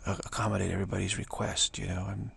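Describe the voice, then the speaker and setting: A man voicing a meek saintly woman who plays a helpless little girl, apologetic and halting. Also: low-pitched, level tone, creaky, a bit bright, slightly rough, exaggerated voice.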